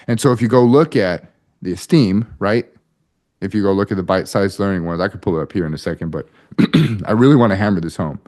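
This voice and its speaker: Casting note: man, lowish voice, blunt and profane, plays out quoted talk. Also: darkish tone. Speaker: marriage coach. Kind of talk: coaching talk to a group of men.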